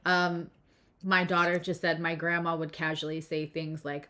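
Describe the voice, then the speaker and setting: A woman's voice: sits low, flat delivery, normal speed, pushed and bright. A middle-aged woman hosting a live stream, chatting casually, laughing often and reading comments aloud. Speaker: live-stream host and astrologer.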